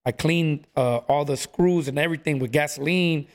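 A man's voice: on the high side, moderate pace. A man telling stories in a casual chat, acting out what people said. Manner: animated storyteller, acts out quotes, says "bro" a lot.

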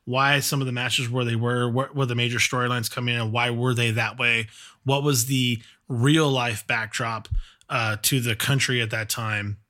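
A man co-hosting a podcast, chatting casually with friendly banter and quick laughs. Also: mid-range voice, flat delivery, sharp tone. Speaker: podcast co-host. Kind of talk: casual chat.

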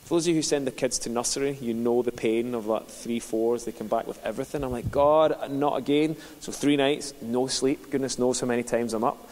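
A man's voice: medium pitch, steady tone, a little fast, darkish tone. A man, a pastor telling a personal story in a sermon with a conversational manner. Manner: conversational, builds to passionate preaching. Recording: long hall reverb.

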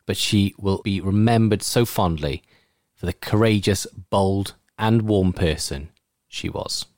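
A man's voice: fairly low pitch, a little slow, darkish tone, no room sound, clean studio sound. A man presenting on community radio over a video call, chatting casually, laughing easily and reading out tributes.

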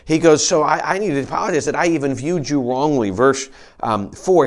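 A man's voice: a little high, a little fast. A man who is a pastor, giving an earnest, conversational sermon and reading scripture aloud. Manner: earnest, conversational preaching with frequent restarts.

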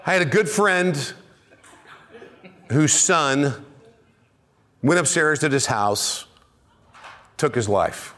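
A middle-aged man preaching a sermon as pastor, telling a story and rising to near shouts when excited. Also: mid-range voice.

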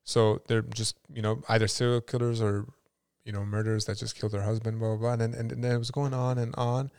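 Smooth-voiced rambling storyteller man. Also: medium pitch, little pitch movement, quick pace, darkish tone, dry recording, clean studio sound. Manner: rambling storyteller with many fillers and restarts. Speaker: podcast co-host. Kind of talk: casual chat.

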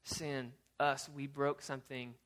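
Bright-voiced man preaching casually. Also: mid-range voice, unhurried. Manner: chatty and animated, many fillers and restarts. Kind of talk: casual storytelling sermon.

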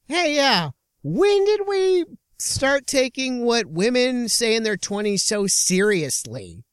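Podcast host, male, high-pitched, smooth voice, sarcastic rambler, dry close sound, records alone in a small car. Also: no echo. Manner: sarcastic, ranting, halting restarts. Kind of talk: rambling comedic monologue. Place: inside a small car with no air conditioning.

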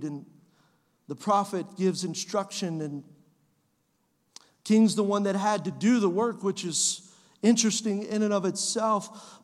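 A man preaching a sermon as pastor of his church, repeating phrases and building to shouts. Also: sits high. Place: church sanctuary. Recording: long hall reverb.

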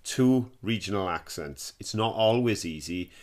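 A man's voice: on the low side, animated, unhurried, darkish tone. A middle-aged man with a Welsh accent, co-hosting a podcast in casual chat and giving practical tips. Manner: chatty, practical, gives tips. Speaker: podcast co-host.

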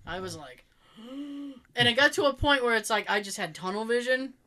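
A woman's voice: fairly high pitch, normal speed. A woman with a Boston accent, chatting casually as a podcast host, telling stories with lots of laughter and the odd swear. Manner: animated storyteller, laughs often, swears casually. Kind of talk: casual chat.

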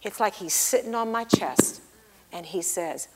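A woman giving a sermon and personal testimony, swinging between hushed, near-whispered passages and loud, emphatic exclamations as she explains scripture. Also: medium pitch, animated, unhurried, slightly rough. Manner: emphatic, expository. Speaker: preacher.

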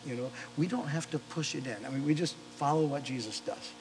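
A male pastor preaching a sermon, telling a story with animated delivery, acting out the voices of the people in it and often restarting his words. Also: fairly high pitch, a little fast, background noise. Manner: animated storyteller, acts out quoted voices, frequent repeated starts. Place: church or chapel service.

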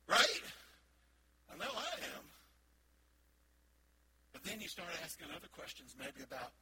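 Man, middle-aged pastor, high voice, lively sermon storytelling, loud ambient noise behind. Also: measured pace, pauses often. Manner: playful, animated storytelling with acted-out bits. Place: church sanctuary.

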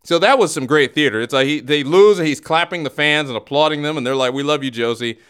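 A man hosting a comedy podcast, telling a story in an animated, rambling way with frequent restarts. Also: a little high, quick pace, clear, resonant tone. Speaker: podcast host. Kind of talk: comic storytelling talk show.

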